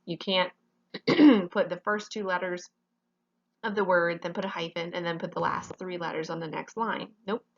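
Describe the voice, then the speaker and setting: A woman's voice: on the low side, fairly even intonation, normal speed, lo-fi sound. A woman teaching a grammar lesson in a classroom, explaining each rule step by step and often checking with "okay?".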